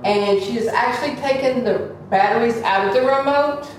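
A woman's voice: a little high, moderate pace, a little hiss or hum. A woman giving a heartfelt, conversational testimony to a church congregation. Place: church hall. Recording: echoey hall from far off.

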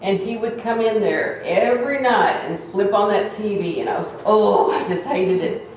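A woman's voice: medium pitch, moderate pace, a little mellow, slight background noise. A woman giving a heartfelt, conversational testimony to a church congregation. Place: church hall. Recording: echoey hall from far off.

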